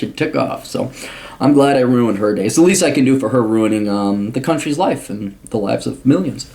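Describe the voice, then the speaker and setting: A man's voice: mid-range voice, very animated, moderate pace. A man giving an angry, blunt, profane monologue answering a viewer's question, with frequent restarts. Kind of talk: ranting commentary monologue.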